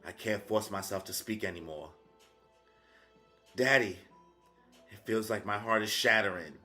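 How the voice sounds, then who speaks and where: A man voicing a grieving young girl as he reads a comic aloud, quiet and pained, over faint background music. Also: fairly low pitch, a little slow, voice pushed down. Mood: heartbroken.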